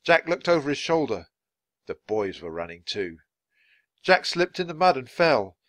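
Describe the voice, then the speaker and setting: A man reading a children's storybook aloud in a clear, measured way for learners. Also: mid-range voice, sing-song, fairly bright tone, no room sound. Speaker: storybook reader. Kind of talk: children's book read-aloud.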